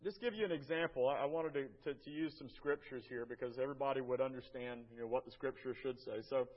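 An American man giving a church slideshow talk about a mission trip, folksy and halting, often repeating his words. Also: medium pitch, highs cut off. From United States.

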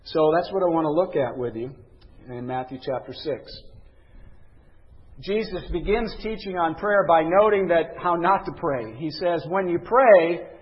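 Guy teaching a bible lesson, kinda high voice, dull echoey recording. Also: normal speed. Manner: earnest, conversational teaching with emphatic scripture readings.

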